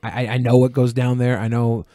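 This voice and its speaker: A man's voice: medium pitch, little pitch movement, dry recording, clean studio sound. A man co-hosting a podcast, joking and stumbling over his words. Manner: joking, halting, with loud mocking bursts. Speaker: podcast co-host. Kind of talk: casual chat.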